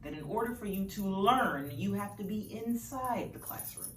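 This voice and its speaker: A woman's voice: mid-range voice, animated, moderate pace, a bit bright, a little hiss or hum, lightly acted. Lady playing a snarky professor guy, condescending, echoey far mic. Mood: scolding. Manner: dry, condescending. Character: stern, sarcastic male philosophy professor. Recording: roomy, distant mic.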